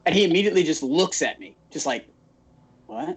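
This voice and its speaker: A podcast co-host from Phoenix, Arizona, speaks a little fast in a high voice that's creaky and slightly rough. Chatting casually, he tells stories as an animated storyteller who acts out every quote.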